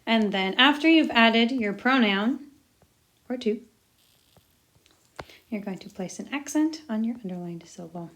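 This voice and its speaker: A woman's voice: on the high side, expressive, a little slow, long pauses, fairly bright tone. A young woman teaching a recorded language lesson, chatty and jokey, muttering asides to herself as she writes. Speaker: Spanish teacher.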